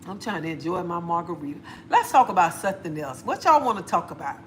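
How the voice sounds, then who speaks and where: A woman's voice: fairly low pitch, very animated, quick pace, a little hiss or hum. A middle-aged woman, chatting bluntly on a livestream and laughing often. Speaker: livestream host. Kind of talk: casual livestream chat.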